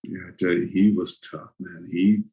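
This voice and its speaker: A man's voice: deep voice, flat delivery, normal speed, warm tone, poor audio. A man in his sixties, a former football player, telling stories as a guest in a casual interview, laughing often and acting out his anecdotes.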